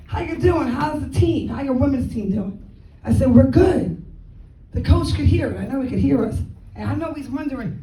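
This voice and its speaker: A woman guest speaker giving a motivational talk, telling a lively story, acting out conversations and laughing often. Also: a little high, recorded from a distance, a little hiss or hum. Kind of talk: motivational speech. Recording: echoey hall, speaker away from the mic.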